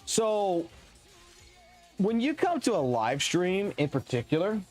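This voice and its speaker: A male game streamer rants live with nonstop swearing, and his voice leaps up and down as he gets worked up. He sits high for a man, and faint music runs underneath. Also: takes it slowly. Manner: heavy swearing, animated and excitable. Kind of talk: profane live stream rant while gaming.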